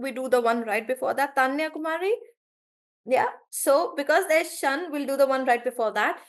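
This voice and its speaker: A woman teaching English pronunciation in a live class, repeating each word slowly to model the stress and calling on students by name. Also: high voice, a bit bright. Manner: calls on students by name and checks in with them.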